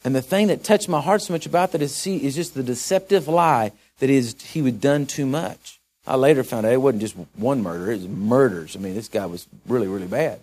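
A man preaching a sermon in a church, telling a jail story in a folksy, halting way and building to emphatic exhortation. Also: medium pitch, darkish tone. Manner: folksy, halting delivery with repeated restarts. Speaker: pastor.

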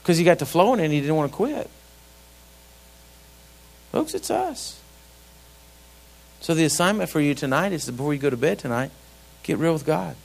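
A man's voice: fairly high pitch, animated, normal speed, gravelly, long pauses, darkish tone. A middle-aged man preaching a sermon in a folksy, conversational way, throwing rhetorical questions at his congregation. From grew up on a ranch.

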